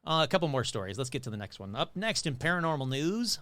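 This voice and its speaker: Lively, jokey male podcast host. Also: medium pitch, quick pace, hardly any pauses, dry recording. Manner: jokey, animated, trips over words. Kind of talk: casual paranormal news commentary.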